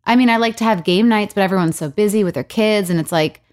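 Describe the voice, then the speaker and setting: A woman hosts a casual podcast and talks in a chatty, storytelling way. Her voice is a plain middle pitch with nothing unusual about it. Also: fast talker, a little mellow. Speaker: podcast host.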